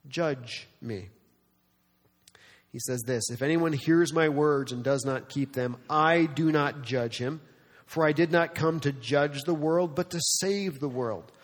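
Preaching man, slightly high voice. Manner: emphatic, rhetorical questions, acts out quoted people. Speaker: pastor. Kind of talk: sermon. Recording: long hall reverb.

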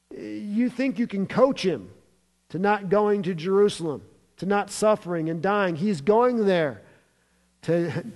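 A man preaching a sermon, retelling scripture with emphatic, animated storytelling and touches of humor. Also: high voice. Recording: long reverb of a large hall.

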